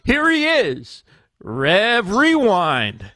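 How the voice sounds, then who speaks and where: A man's voice: high voice, huge pitch swings, drawn-out words, pushed and bright, no echo, studio quality. A man announcing the intro of an improvised comedy podcast, drawn out, restarting with laughs. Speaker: show announcer.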